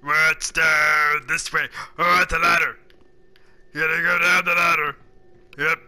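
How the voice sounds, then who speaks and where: Excitable high-voiced gamer guy, sore throat. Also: unhurried. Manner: excitable, swears a lot, narrates his own moves. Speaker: gaming commentator. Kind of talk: let's play commentary. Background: game music.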